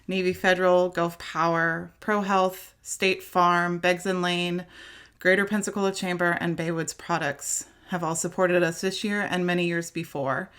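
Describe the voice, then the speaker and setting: A woman's voice: on the low side, a bit bright. A woman giving scripted closing remarks as president of a professional group, reading out thanks and announcements. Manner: reads a list of thanks and announcements steadily. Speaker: organization president.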